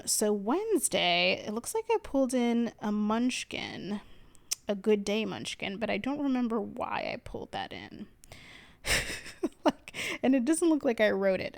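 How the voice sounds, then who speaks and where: A woman's voice: mid-range voice, vocal fry. A woman from Connecticut narrating a planner vlog as a casual voiceover, rambling and chatty, laughing often. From Connecticut, USA. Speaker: planner vlogger. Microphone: voiceover mic.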